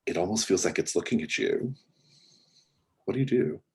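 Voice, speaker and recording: Running a tabletop mystery game, this game master has a very deep, husky voice and moderate pace. His narration is easygoing but halting, peppered with fillers.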